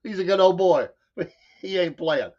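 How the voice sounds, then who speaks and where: A man's voice: sits high, a little slow, darkish tone. Laughing Southern man telling stories. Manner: laughing storyteller, quoting others in voices. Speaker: show co-host. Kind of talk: casual chat. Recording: dull lo-fi sound.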